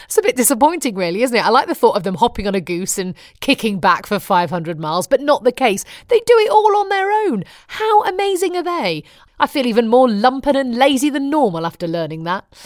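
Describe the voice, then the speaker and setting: A woman's voice: medium pitch, dry recording. Brief: middle-aged British woman, wry chatty presenter, dry close sound. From Britain. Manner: wry, chatty storytelling with frequent laughs. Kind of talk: chatty personal diary monologue.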